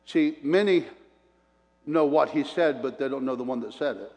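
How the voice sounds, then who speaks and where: A man preaches a sermon at a moderate pace in a medium-pitched, slightly mellow voice, with long hall reverb around him. He tells personal stories, chuckles between points, and acts out what people said.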